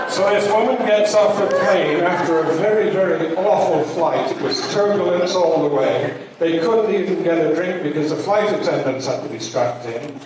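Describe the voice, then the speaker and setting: An older man telling jokes to an audience at a community show, a lively storyteller who acts out every voice. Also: fairly high pitch, moderate pace, hardly any pauses, a loud crowd, very noisy. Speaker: joke teller at a community show. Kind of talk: stand-up joke telling. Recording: echoey hall from far off.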